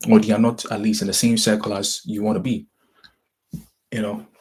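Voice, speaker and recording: A young man from Ghana with a Ghanaian accent talks casually to his listeners. His voice is husky and fairly low, and he rambles and often starts his sentences over. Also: little pitch movement, a little mellow. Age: young adult. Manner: rambling, halting, with many restarts. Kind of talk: casual motivational talk.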